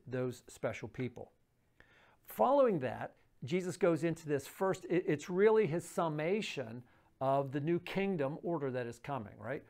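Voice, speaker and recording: A pastor giving a daily devotional Bible teaching in a conversational way, often pausing and restarting, reading verses aloud and then explaining them. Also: mid-range voice, darkish tone. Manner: conversational, with frequent fillers and restarts; reads scripture aloud and explains it.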